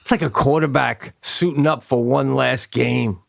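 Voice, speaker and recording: A man's voice: normal speed, gravelly. A middle-aged man co-hosting a comedy podcast, talking expressively and laughing often in a casual chat. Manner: expressive, rises high when worked up, laughs often.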